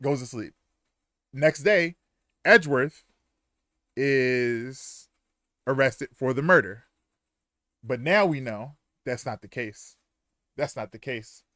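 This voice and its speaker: A man's voice: mid-range voice, takes it slowly, pauses often, bright, forceful tone, dry recording, studio quality. A young man streaming a game live, chatting casually and crudely and retelling events animatedly. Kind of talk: live gameplay commentary.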